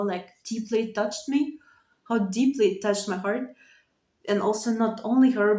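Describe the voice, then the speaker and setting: A woman's voice: mid-range voice, a little mellow. A woman in her thirties talking candidly to camera in her bedroom, earnest and repetitive, swearing freely as she opens up. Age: 30s. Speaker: vlogger. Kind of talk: candid personal monologue. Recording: echoey room.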